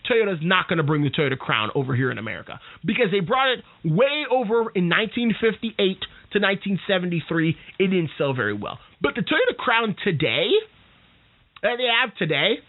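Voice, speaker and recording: A podcast host rants in a lively, sing-song voice that swoops up and down, sounding exasperated and often stumbling over words. The recording is tinny and phone-like. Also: mid-range voice. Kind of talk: casual solo rant.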